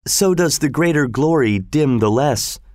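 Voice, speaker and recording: A man voicing a wise, gracious noble lady who speaks in a measured, dignified way in a storybook reading. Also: mid-range voice, lively intonation, darkish tone, dry recording, clean studio sound, pitched above the performer's own voice, natural voice. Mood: poised.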